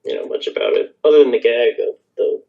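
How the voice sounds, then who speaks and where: Hesitant male guest on muffled audio. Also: medium pitch. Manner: hesitant, halting, mumbly. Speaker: podcast guest. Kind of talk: casual chat.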